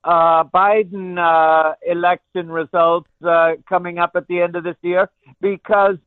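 Deadpan joking male caller on a phone line. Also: sits high, clear, resonant tone, no room sound. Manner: deadpan satirical joking, halting with many fillers. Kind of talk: call-in talk radio.

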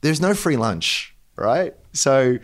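A man's voice: mid-range voice, big pitch swings, slow. An Australian man co-hosting a finance podcast, talking casually and thinking aloud with many restarts and repeated words. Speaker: podcast co-host. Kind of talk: casual chat.

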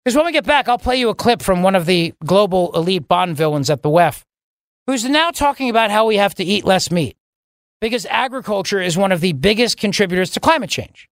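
A man's voice: high voice, expressive, brisk, dry recording, studio quality. A man hosting a talk radio show, delivering a sarcastic, opinionated monologue and acting out mock dialogues.

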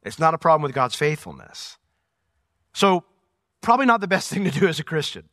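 A man teaching a Bible passage verse by verse in a bright, fairly high voice. He is animated, pushing up to emphatic highs and sinking to quiet, low asides. The sound is dry and close. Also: a little fast, dry recording. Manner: animated, swings between emphatic highs and quiet lows, chuckles often. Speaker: pastor.

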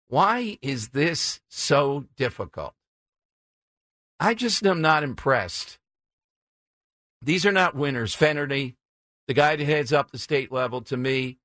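A man's voice: fairly high pitch, lively intonation, unhurried, fairly bright tone, no echo. A man hosting a talk radio show, blunt, combative and sarcastic. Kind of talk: opinionated talk radio monologue.

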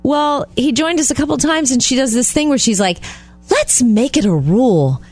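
A woman's voice: high voice, lively intonation, moderate pace, a little mellow, breathy edge, dry recording, faint music behind. A woman co-hosting a radio show, telling stories in a chatty, laughing way. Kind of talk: casual radio chat.

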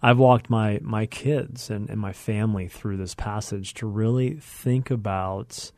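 A man hosting a faith podcast, with a very low voice. He affirms his guest and reflects at length in thoughtful phrases. The recording is dry and close. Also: steady tone, measured pace, darkish tone, dry recording. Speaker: host.

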